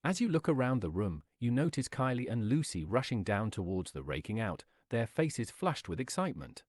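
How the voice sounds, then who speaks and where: Brief: male storyteller, mid-pitched, very animated swooping delivery, dry close sound. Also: moderate pace, dry recording. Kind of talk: reading an interactive adventure story.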